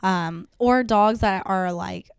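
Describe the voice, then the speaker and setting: A young woman dog trainer chats upbeat in a casual interview, saying "like" a lot and acting out dogs and owners in higher voices. She speaks slowly with vocal fry and a smooth tone, recorded in studio quality with no echo.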